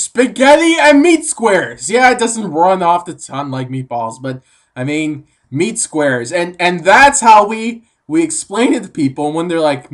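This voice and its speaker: Overexcited woman with a wildly swinging voice. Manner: overexcited, pitch leaping up to shrieks and dropping to mutters. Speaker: comedic vlogger. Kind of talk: excitable comedic monologue.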